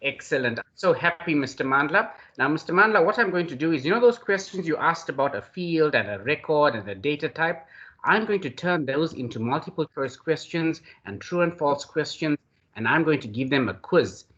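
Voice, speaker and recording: A male lecturer hosts an online class and praises the trainer with effusive enthusiasm, addressing him by name again and again. His voice is fairly high and bright, with a forceful edge. The audio is dull and lo-fi, as on a video call. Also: expressive, brisk. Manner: effusive, addresses the other man by name constantly.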